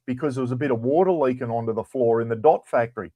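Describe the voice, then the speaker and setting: A man's voice: medium pitch, fast talker, warm tone, no room sound. An Australian man hosting a livestream, telling stories in a blunt, casual rant and swearing freely. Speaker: livestream host. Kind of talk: casual ranting chat.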